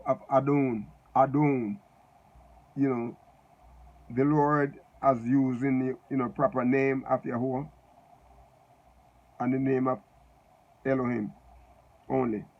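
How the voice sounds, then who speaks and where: A man giving unscripted Bible teaching, halting and repeating words as he spells out Hebrew letters. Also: medium pitch, highs cut off.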